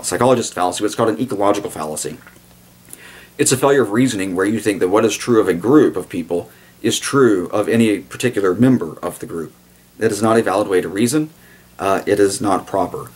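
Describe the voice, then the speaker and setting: A man with a low, husky voice delivers a rambling commentary monologue. He is blunt and sarcastic and veers off into asides. Now and then he jumps into exaggerated mock voices to act out quotes. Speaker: video commentator.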